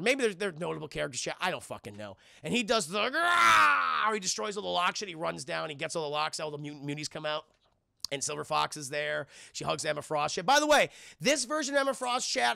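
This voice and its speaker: A young man streaming a casual, profane spoiler review of a film, excitably recapping scenes and talking to his chat. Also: on the high side, vocal fry, dry recording, studio quality.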